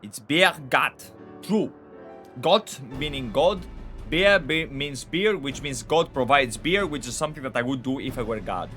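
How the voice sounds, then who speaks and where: A man's voice: mid-range voice, lively intonation, normal speed, a bit bright, faint music behind. A man giving boisterous, profane commentary while playing a game and reading its dialogue aloud. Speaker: gaming channel host. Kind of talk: casual let's-play commentary.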